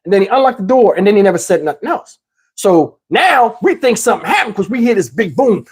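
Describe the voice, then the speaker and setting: Man, storyteller, husky voice, animated, casual. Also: high voice, a little fast. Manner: animated, acts out characters. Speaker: channel host.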